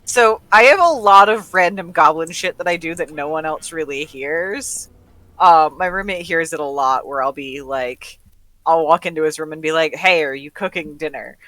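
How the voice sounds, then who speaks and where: A bright, playful voice chatting casually over a game. It is recorded dry and close, with no room sound. The delivery is laid-back, with casual swearing and rambling asides. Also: medium pitch, normal speed, no room sound. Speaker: co-player. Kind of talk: casual chat while gaming.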